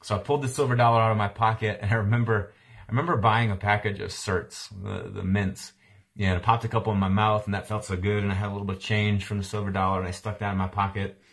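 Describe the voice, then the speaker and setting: Talking fast with a flat delivery, this pastor of roughly forty has a lowish, fairly bright voice. His sermon includes a childhood story told casually, complete with impressions of his parents.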